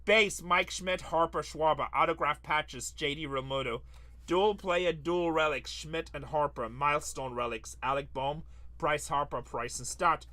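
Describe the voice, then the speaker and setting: A man with a bright, forceful, somewhat high voice hosts a live card-break stream. He talks in a quick selling patter, reads off long lists, and teases his buyers. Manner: joking, teasing, rattles off lists. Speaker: sports card break host.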